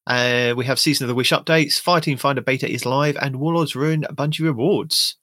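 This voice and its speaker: A man's voice: mid-range voice, brisk, pushed and bright, no echo, clean studio sound. A British man hosting a casual gaming podcast, reading out news with joking asides. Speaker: podcast host.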